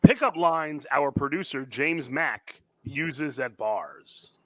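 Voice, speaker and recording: A man's voice: mid-range voice, animated, slow, pushed and bright, dry recording. A man hosting a comedy game show, laughing often and calling on each player by name.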